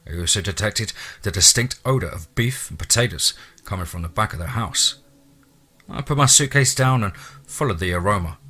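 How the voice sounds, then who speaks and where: A man narrating a first-person story in a measured way, dropping to hushed tones at eerie moments. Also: lowish voice.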